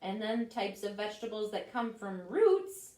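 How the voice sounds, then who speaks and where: A woman librarian reading picture books at a children's storytime, animated and asking the children questions. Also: mid-range voice, normal speed. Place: library room. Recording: roomy echo, voice from a distance.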